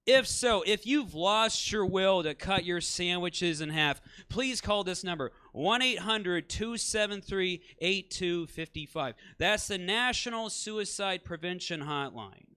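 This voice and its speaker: A man doing a deadpan stand-up comedy set on a small theater stage. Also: sits high, unhurried, few pauses, smooth.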